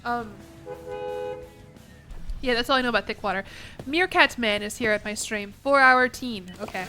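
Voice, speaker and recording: A woman's voice: on the high side, normal speed, long pauses, sharp tone, faint music behind. A young American woman streaming a game, chatting in a rambling way with lots of restarts, a bit congested. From United States. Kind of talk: casual gaming stream chat.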